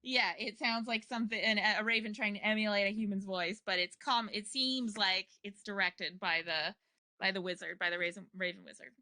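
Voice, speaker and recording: Game master type, woman, bright voice, loose rambling narration, dry close mic. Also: medium pitch, fairly even intonation, normal speed, no echo. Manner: meandering, many fillers and restarts.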